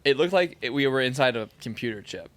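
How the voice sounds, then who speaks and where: A man's voice: mid-range voice, fast talker. A man in a podcast studio, a former pro soccer player telling stories in a casual chat, full of "like". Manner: animated storyteller, heavy use of "like".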